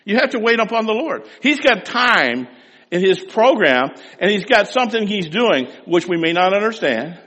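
A middle-aged man preaches a sermon in a folksy storytelling manner, his voice climbing and dropping animatedly. He sits a little high for a man. The sound carries a long reverb, like a church sanctuary. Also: very animated, normal speed. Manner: folksy storytelling with wide swings in loudness. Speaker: pastor.

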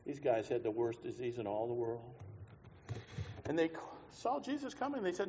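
Man preaching loud and soft in a hall. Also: medium pitch, wildly swooping pitch, normal speed, long pauses, slight background noise. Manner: swings from quiet musing to loud shouted preaching; sings a hymn line mid-sermon. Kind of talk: sermon. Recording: long hall reverb.

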